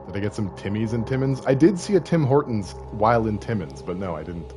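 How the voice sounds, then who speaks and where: A man's voice: fairly low pitch, expressive, brisk, warm tone, faint music behind. A Canadian man in his late thirties with a Canadian accent, casually joking with viewers while streaming a video game. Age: late 30s. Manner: joking, self-deprecating, chatting with viewers.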